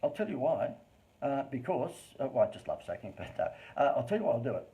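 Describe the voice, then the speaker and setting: A man with an Australian accent giving a live-streamed business talk as a marketing presenter, with animated, over-the-top inflection and chatty, informal asides. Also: mid-range voice, a little fast, low-quality recording.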